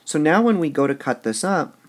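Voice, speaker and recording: A man teaching poetic meter in a recorded lesson, slowly sounding out syllables and muttering to himself as he marks the stresses. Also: a little high, sing-song. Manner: slow and deliberate, sounding out stressed syllables, drops to a mutter when writing.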